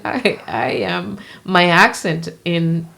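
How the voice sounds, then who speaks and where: A woman with a Venezuelan accent whose first language is Spanish, speaking low in her range with a gravelly edge. She talks as a podcast guest in an expressive, animated way. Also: slow pace. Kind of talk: podcast conversation.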